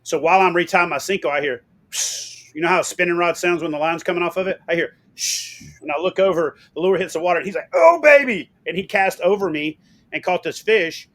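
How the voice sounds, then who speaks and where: A middle-aged man, appearing as an interview guest, tells stories in a fairly high voice at a fairly quick pace. He is animated, swears casually, and loudly acts out what people said.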